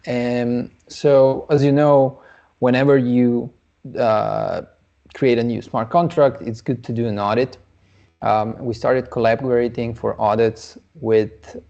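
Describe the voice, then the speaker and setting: A man's voice: on the low side, gravelly, warm tone, highs cut off. A man co-hosting a casual livestream Q&A, speaking hesitantly with many fillers. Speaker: co-host.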